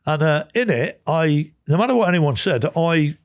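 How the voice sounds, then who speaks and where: English man, podcast guest, chatty storyteller, somewhat raised pitch, lots of restarts. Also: animated, normal speed. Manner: rambling anecdotes, many quoted exchanges, frequent restarts. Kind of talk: casual storytelling interview.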